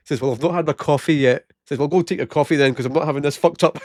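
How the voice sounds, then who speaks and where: A man's voice: on the high side, rapid-fire, hardly any pauses, a little mellow, no echo, clean studio sound. A Scottish man in his late thirties telling funny work stories casually, laughing often and acting out the people he quotes. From Scotland. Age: 30s. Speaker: vlogger. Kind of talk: casual storytelling.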